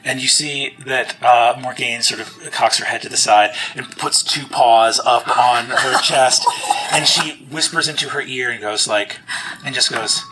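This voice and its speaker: A man's voice: mid-range voice, measured pace, bright, forceful tone, faint music behind, low-quality recording. A man narrating as game master of a tabletop game, describing scenes with frequent "you see" and fillers.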